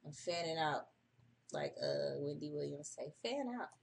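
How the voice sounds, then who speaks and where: A woman's voice: low voice, level tone, measured pace, gravelly, slight background noise. A woman hosting a casual early-morning livestream, profane and chatty, reading an article aloud and breaking off for her own asides. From United States. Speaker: livestream host.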